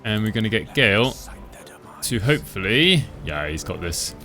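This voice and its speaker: A man giving relaxed, chatty commentary over his own gameplay, thinking aloud as he plays. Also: lowish voice, moderate pace, faint music behind. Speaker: gaming channel host.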